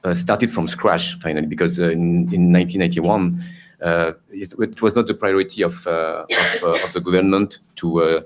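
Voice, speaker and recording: Low-voiced hesitant male panelist. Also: steady tone, moderate pace, slight background noise. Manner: hesitant, many fillers and restarts. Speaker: panelist from Cambodia. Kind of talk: conference panel remarks.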